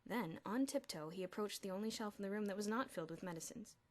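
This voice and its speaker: A woman's voice: medium pitch, lively intonation, fast. A woman narrating a children's novel as an audiobook, telling the story expressively. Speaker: audiobook reader.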